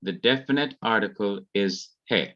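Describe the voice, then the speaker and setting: A man's voice: on the low side, moderate pace, lo-fi sound. A man with a Jamaican accent, carefully explaining grammar rules in an online revision lesson. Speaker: Hebrew teacher.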